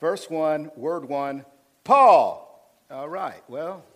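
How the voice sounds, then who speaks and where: A male pastor preaching a sermon, swinging from loud emphatic passages to quiet asides, fired up. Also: expressive, moderate pace. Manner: preaching with rising intensity, dropping low for asides.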